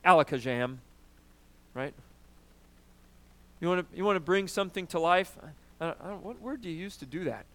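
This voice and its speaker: A man preaching a sermon, emphatic and animated, often asking "right?" and clearing his throat. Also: high-pitched, brisk, pauses often. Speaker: pastor.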